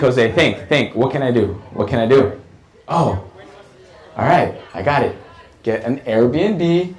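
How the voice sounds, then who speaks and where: A man telling a comic story in an animated, profane way, often repeating lines for effect. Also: mid-range voice, rough recording. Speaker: comedian. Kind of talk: stand-up storytelling.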